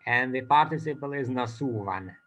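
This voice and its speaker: A man giving an academic conference talk, pausing often with fillers between phrases. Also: mid-range voice, lively intonation, fairly bright tone. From Croatia. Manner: slow, hesitant, many uh fillers between phrases. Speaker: conference speaker, linguist. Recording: dull lo-fi recording.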